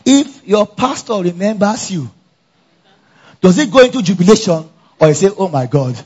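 Preaching at normal speed, a pastor with a high, faintly husky voice gives a lively call-and-response sermon at a church conference. Questions fly to the congregation, and he fills in the replies himself. The lo-fi recording comes across as dull.

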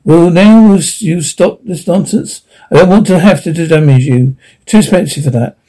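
A composed steel robot that speaks without emotion and gives firm, level orders, played by a male narrator in a mellow, fairly high voice. Part of a sci-fi audiobook reading. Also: normal speed. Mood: cool command. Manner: cool, unemotional, commanding.

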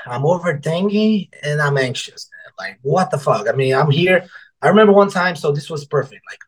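Animated storytelling man, fairly high voice. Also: low-quality recording. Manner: animated, swearing, acts out quotes. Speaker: guest author and former server. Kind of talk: casual storytelling.

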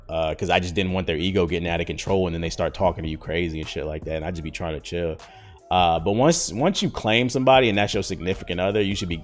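A man around thirty talking in slangy casual chat as a podcast host, rambling with lots of fillers. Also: sits low. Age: 30s.

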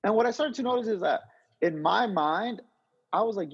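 A man with a husky, slightly breathy voice tells his story in a loose, animated way. He keeps circling back and restarting his sentences. The audio sounds dull and lo-fi. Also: sits high, normal speed, big-room sound. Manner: animated, rambling, lots of restarts and slang. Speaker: interview guest, entrepreneur. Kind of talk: casual storytelling.

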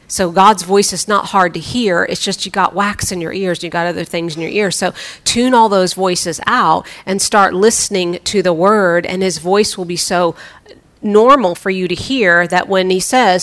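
Bright-voiced woman preaching a chatty sermon. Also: mid-range voice, steady tone, moderate pace. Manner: chatty and humorous, with frequent restarts. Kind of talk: conversational sermon.

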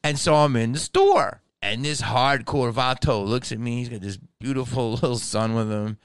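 A male comedian hosts his podcast in an animated, profane solo monologue and breaks into impressions. His voice is smooth and clean at a middle pitch, recorded dry and close. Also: moderate pace, no room sound. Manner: slips in impressions.

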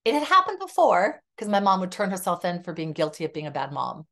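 A woman with a notably low, deep voice talks openly about her own life as a guest on a podcast. She tells it vividly and acts out what others said, switching into their voices as she goes. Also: quick pace. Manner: animated, acts out quoted dialogue. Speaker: psychotherapist guest. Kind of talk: candid personal storytelling in conversation.

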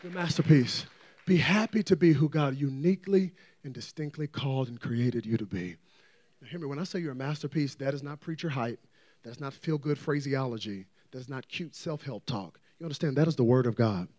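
A man preaching a fervent, playful sermon as a guest preacher, often swelling into shouts. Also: medium pitch, a little fast.

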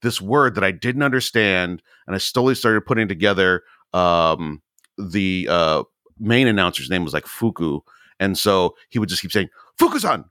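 Low-voiced guy on a podcast, gets super animated telling stories, dry close mic. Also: normal speed, dry recording. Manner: animated storyteller, jumps high when quoting himself. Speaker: podcast co-host. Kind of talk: casual chat.

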